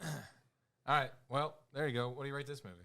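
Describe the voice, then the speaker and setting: A man's voice: medium pitch, steady tone, fast, pushed and bright, clear, resonant tone. A man co-hosting a podcast, reacting dryly and giving a hesitant take on a film. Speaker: podcast co-host. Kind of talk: casual podcast chat.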